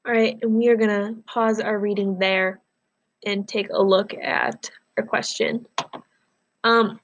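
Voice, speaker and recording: A woman teacher reading a novel aloud to her class, pausing to explain words and ask questions. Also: medium pitch, level tone, lo-fi sound.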